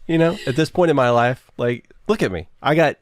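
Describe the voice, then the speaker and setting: A man's voice: mid-range voice, fairly quick, dry recording, clean studio sound. A man hosting a podcast, chatting in a laid-back way and laughing easily. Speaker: podcast host. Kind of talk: casual chat.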